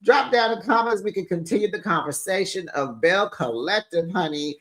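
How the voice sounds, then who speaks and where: A sassy reality TV recap host chatting casually to the viewers and calling them besties and honey. The voice sits at a middle pitch, and the host acts out the cast's quarrels with dramatic flair. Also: lively intonation, fairly quick, a bit bright.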